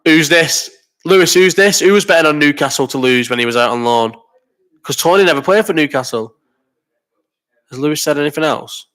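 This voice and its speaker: A man's voice: on the high side, animated, a bit bright. Sweary, rambling man in his thirties. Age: 30s. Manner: rambling and sweary, quick banter. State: ill with a cough. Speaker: host of a live chat stream. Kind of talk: casual chat reading viewer comments.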